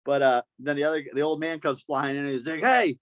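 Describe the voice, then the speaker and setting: A man's voice: fairly high pitch, fast, dry recording. Man telling a story. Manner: animated storyteller acting out quoted voices. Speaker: podcast host. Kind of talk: casual podcast chat.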